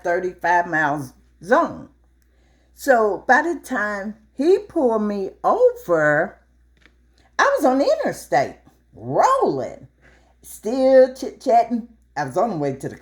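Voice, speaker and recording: Slow, animated middle-aged woman storyteller. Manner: animated, acts out dialogue with big pitch jumps. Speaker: vlogger. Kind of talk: casual storytelling while cooking.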